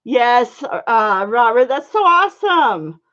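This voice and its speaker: A woman's voice: on the high side, big pitch swings, takes it slowly, fairly bright tone. A woman chatting casually with her viewers while she paints on a live stream, greeting them by name and talking in loose, friendly sentences full of fillers. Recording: dull lo-fi stream audio.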